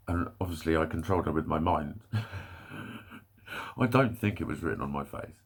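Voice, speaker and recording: A husky, lowish-voiced young man with an English accent vents to his camera in a long, swearing rant. He sounds exasperated and keeps laughing at his own points as he goes. The delivery is loose and unscripted. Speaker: vlogger. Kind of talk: ranting monologue.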